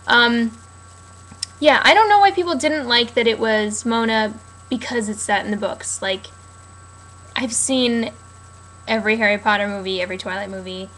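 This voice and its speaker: A woman's voice: on the high side, normal speed, pauses often, fairly bright tone, slight background noise, poor audio. A young woman rambling casually and sarcastically about a TV episode, with lots of fillers. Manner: chatty, sarcastic, many fillers. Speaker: TV recap vlogger.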